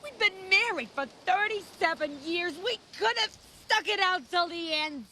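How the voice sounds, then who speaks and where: A woman playing a nagging older wife in her sixties, scorned and furious, who talks in a shrill, exasperated, scolding way. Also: lively intonation, moderate pace, bright, forceful tone, slight background noise, full character voice. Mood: indignant. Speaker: comedy sketch character. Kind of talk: TV sketch comedy acting.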